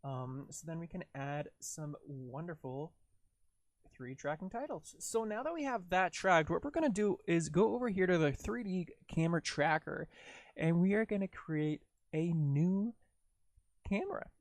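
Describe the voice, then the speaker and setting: A man's voice: fairly high pitch, lively intonation, moderate pace, no echo. A man casually talking through his video editing on a livestream, rambling and jokey as he narrates each step. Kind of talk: casual live tutorial talk.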